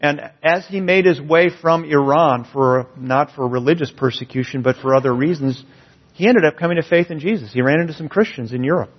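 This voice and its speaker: Husky-voiced man preaching a sermon. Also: fairly high pitch, brisk. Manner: earnest, building emphasis on key phrases. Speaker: pastor. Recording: dull, slightly lo-fi sound.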